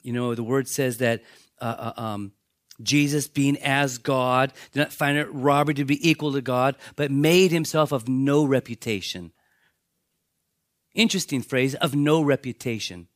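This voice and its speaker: A man preaching a sermon, telling Bible stories in a lively way and acting out the characters' lines. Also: medium pitch, unhurried, no echo, studio quality. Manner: animated storytelling, acts out voices of biblical characters. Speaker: pastor.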